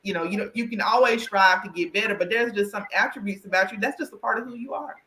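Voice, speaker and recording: A woman with a Southern country twang hosts an interview in a chatty, emphatic way, often checking in with "right?". Her voice is bright and forceful. The sound carries a noticeable room echo. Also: medium pitch, fast. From Southern United States. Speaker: podcast host and career coach. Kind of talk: conversational interview.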